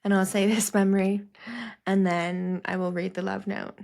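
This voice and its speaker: A woman's voice: mid-range voice, little pitch movement, moderate pace, vocal fry, a little mellow. A young woman hosting a podcast, telling personal memories in a rambling, casual way with many fillers. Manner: rambling, many fillers, laughing through tears. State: crying at times. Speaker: podcast host.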